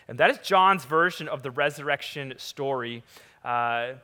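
A man preaching a sermon, reading scripture and retelling the story in an animated, conversational way. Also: mid-range voice, measured pace, clear, resonant tone. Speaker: pastor. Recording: large hall with long reverb.

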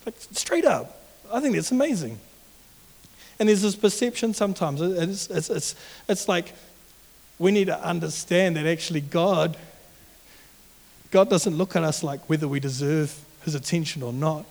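A young man preaches to a youth group in an earnest, animated and conversational way. His voice sits high. It echoes with a long hall reverb. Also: normal speed, gravelly, long pauses. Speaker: youth pastor. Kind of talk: sermon.

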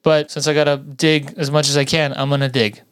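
A man's voice: a little high, little pitch movement, a little fast, clear, resonant tone, no echo, studio quality. A man co-hosting a casual sports podcast, rambling with fillers and restarts. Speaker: podcast co-host. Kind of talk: casual chat.

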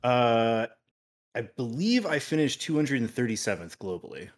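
A man talking as a guest on a casual podcast, relaxed, often trailing off quietly. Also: mid-range voice, moderate pace.

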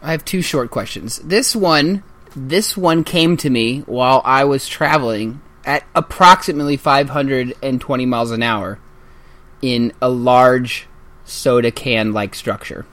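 Casting note: jokey male podcast co-host, medium pitch, rambling delivery. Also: a little slow, fairly bright tone. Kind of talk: casual chat.

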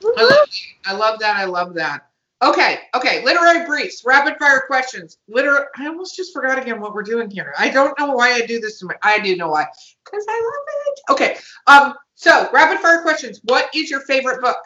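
A woman's voice: high voice, sing-song, a little fast, pushed and bright. A woman hosting a podcast over a video call, playful and laughing often. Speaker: podcast host. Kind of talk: casual podcast interview. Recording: roomy, dull lo-fi call audio.

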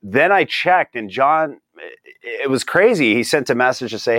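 A man's voice: medium pitch, big pitch swings, moderate pace, a bit bright, no room sound. Dry, exasperated man ranting as a guest. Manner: rambling, exasperated, laughs often. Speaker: podcast guest. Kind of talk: casual political chat.

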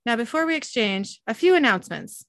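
A woman's voice: a little high, expressive, a little fast, fairly bright tone, dry recording, voice pushed up. Pompous male organizer, officious and announcing, put on by a woman.

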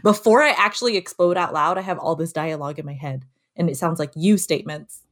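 A married woman talking candidly in a casual conversation, telling stories in an animated, open way. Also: sits low, fast talker. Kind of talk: casual conversation about anger.

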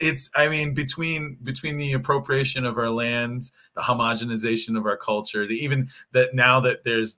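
A man from Hawaii with a Pidgin accent, a panel guest telling animated stories and acting out what people said. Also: medium pitch. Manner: animated storytelling with acted-out quotes. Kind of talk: casual panel discussion.

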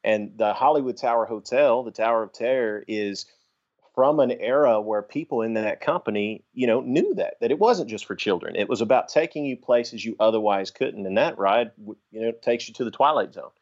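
A man's voice: mid-range voice, expressive, normal speed, darkish tone. A man chatting as a podcast guest, reflective and explaining his views at length. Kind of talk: casual chat. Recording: dull lo-fi podcast audio.

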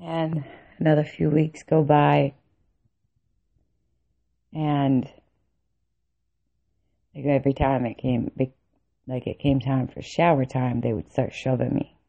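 A woman's voice: extremely low pitch, level tone, takes it slowly, creaky, pauses often. A woman telling an angry, profane story about army training, with bitter laughs. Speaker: vlogger recounting army training. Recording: tinny phone-like recording.

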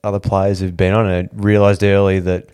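A man's voice: deep voice, flat delivery, darkish tone, clear, resonant tone. An Australian man co-hosting a podcast, chipping in with short teasing questions in casual chat. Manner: quick interjections and teasing. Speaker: podcast co-host.

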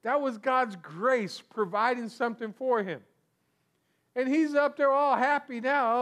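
Conversational preacher with a high voice. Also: male voice, measured pace, a bit bright. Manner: conversational, repeats words, rhetorical questions. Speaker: pastor. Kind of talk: sermon.

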